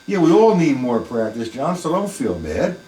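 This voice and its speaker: Man, drum teacher, emphatic and plain-spoken, mid-pitched voice, echoey room, distant mic. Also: very animated, normal speed, dark tone. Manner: plain-spoken, emphatic, demonstrating strokes aloud. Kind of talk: live online drum lesson. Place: practice room.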